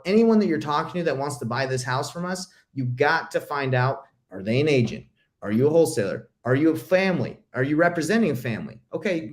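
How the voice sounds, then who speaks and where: Male coaching host, blunt and emphatic, slightly high voice, casual video-call chat. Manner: blunt, emphatic, calls listeners bro. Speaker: real estate investing coach hosting a call.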